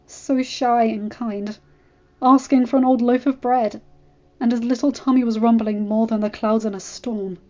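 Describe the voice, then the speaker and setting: A woman voicing a kindly castle cook who tells things in a warm, gossipy, storytelling manner. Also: fairly high pitch, steady tone, normal speed, lo-fi sound, natural voice. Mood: fond.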